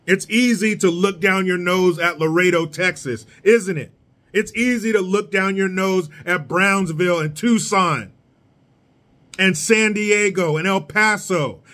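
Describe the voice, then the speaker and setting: Sarcastic high-voiced male ranter. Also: fairly bright tone. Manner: sarcastic, mocking, blunt. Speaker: political commentator. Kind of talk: solo rant commentary.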